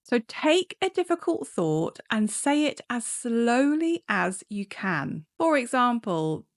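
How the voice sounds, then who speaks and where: A woman clinical psychologist explaining coping techniques in a calm, measured way. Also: a little high. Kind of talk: instructional talk to camera.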